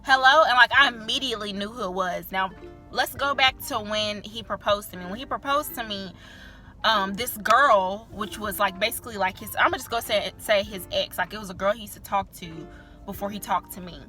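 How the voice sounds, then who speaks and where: A woman's voice: mid-range voice, fairly quick, pushed and bright, soft background music. A young woman vlogger telling a candid personal story in a chatty, filler-heavy way, swearing freely.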